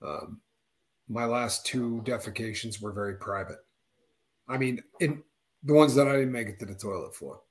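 A man in his fifties, co-hosting a casual chat and acting out quotes with big jumps in his voice. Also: normal speed. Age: 50s. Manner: animated storyteller, acts out quotes with big pitch jumps. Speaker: co-host.

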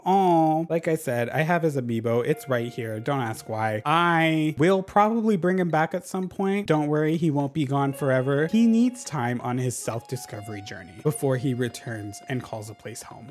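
A man chatting casually over a video game, animated and chatty, dropping lots of "like" and swearing freely. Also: medium pitch. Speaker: gaming YouTuber. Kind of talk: casual chat over gameplay.

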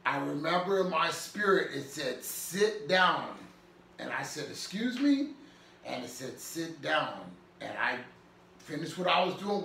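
A man's voice: on the high side, gravelly, pushed and bright, reverberant, distant mic. A man pastor preaching an earnest, emphatic sermon, repeating phrases for weight.

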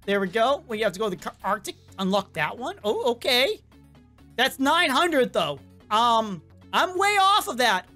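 A woman giving chatty, excitable game commentary and talking to the characters, her voice worn and cracking with a cough. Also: on the high side, moderate pace, soft background music. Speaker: gameplay commentator.

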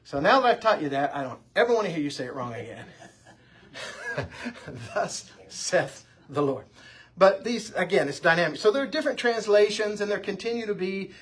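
A man's voice: high-pitched, fast talker, husky. A man teaching an informal church Bible class, conversational and full of anecdotes. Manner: conversational, anecdotal, lively delivery.

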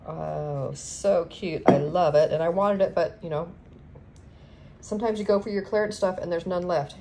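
A woman's voice: on the low side, moderate pace. A woman chatting casually as she unboxes craft supplies at home, gushing and filling gaps with lots of ums. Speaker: craft vlogger. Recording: noisy home recording.

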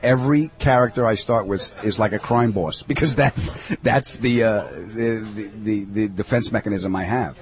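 A man from Long Island, a comedian guest telling profane, jokey stories in casual chat. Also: on the low side. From Long Island, New York. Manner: animated, profane, quick jokes. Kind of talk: casual chat, comic storytelling.

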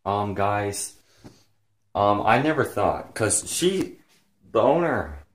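A man vlogging casually, rambling with lots of fillers, excited and emotional to the point of near tears. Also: on the low side, takes it slowly. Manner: rambling, heavy use of "like" and "frickin'". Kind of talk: casual vlog talk.

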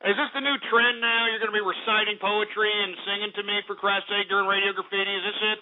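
Angry swearing radio host guy, high voice, tinny phone sound. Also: flat delivery, fast. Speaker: call-in show host. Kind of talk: comedic radio host rant.

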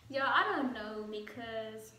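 A young woman vlogger with a bright, clear tone chats and giggles to herself while she types out messages. She talks slowly and unhurried, and her voice rings a little in an echoey room with soft music behind. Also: on the high side, steady tone, slight background noise. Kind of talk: casual chat.

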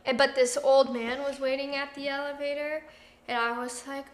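A young woman in her twenties chatting and telling stories on a home kitchen livestream, lively and quick to laugh. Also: sits high. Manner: lively, laughing storyteller who reads out viewer comments. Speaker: co-host of a livestream. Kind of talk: casual chat, storytelling. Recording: roomy kitchen echo.

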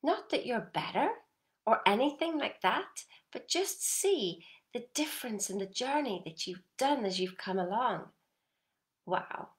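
A middle-aged woman coaching viewers in a motivational talk, emphatic and animated, often checking in with "yeah?". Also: fairly high pitch, measured pace. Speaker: personal development coach.

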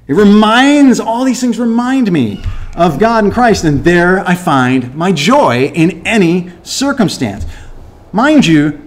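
A man preaching a chapter-by-chapter Bible study in a lively, chatty way. His slightly high voice swings up and down as he throws rhetorical questions at the listeners and acts out the story. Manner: animated, conversational, rhetorical questions, acts out quotes. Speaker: Bible teacher at a church. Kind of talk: verse-by-verse Bible teaching.

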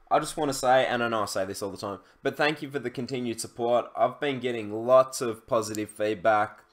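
A young man talking through an online tool in a relaxed screen-share tutorial. His voice sits a little low, and he rambles casually, often pausing on "um" and restarting his sentences. He sounds like he's speaking into a desktop mic at his computer. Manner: chatty, loose, with many fillers and restarts. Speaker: e-commerce YouTuber.

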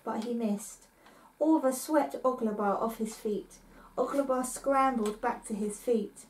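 High-voiced woman reading a story aloud. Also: darkish tone, echoey room, rough recording. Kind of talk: read-aloud story narration.

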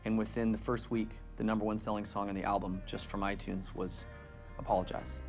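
A man's voice: lowish voice, a little fast, faint music behind. A man, a band member, recounting anecdotes in a documentary interview and acting out the quotes. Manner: animated anecdote-telling with acted-out quotes.

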